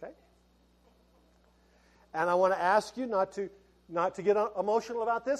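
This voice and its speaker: A man's voice: high-pitched, fairly quick, pauses often. A middle-aged male pastor preaching a sermon in a folksy, conversational way, laughing and restarting as he talks.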